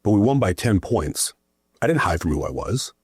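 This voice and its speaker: Male political guest, low and husky, emphatic storyteller. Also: sing-song, moderate pace, dry recording, studio quality. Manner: emphatic storyteller, keeps adding "right?". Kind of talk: political conversation.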